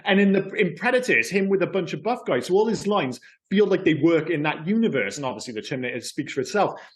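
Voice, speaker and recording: Opinionated man with slightly high pitch. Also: sing-song, fast. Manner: opinionated, swears freely, frequent restarts. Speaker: podcast co-host. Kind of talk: casual film chat.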